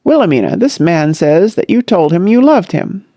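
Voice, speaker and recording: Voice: mid-range voice, very animated, normal speed, warm tone, dry recording, highs cut off, natural voice. A narrator doing a spluttering irritable old rich man. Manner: spluttering exclamations. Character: wealthy older man, irritable and excitable.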